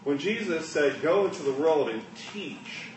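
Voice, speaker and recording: A man preaching a sermon, swinging between hushed asides and loud, emphatic lines. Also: on the high side, expressive, measured pace, a little hiss or hum. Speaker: pastor. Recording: echoey room, mic at a distance.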